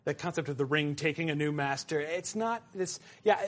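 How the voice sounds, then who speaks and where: A middle-aged man teaching a literature class, his voice pitched high for a man. He talks loosely, with fillers and playful asides. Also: normal speed. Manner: animated, with fillers and acted asides. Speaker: lecturer. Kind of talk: classroom lecture.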